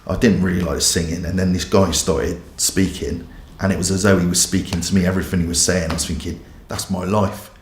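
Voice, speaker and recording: A man's voice: low voice, level tone, a little fast, roomy sound, slight background noise. A man, a pastor giving a candid, self-mocking personal testimony. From England.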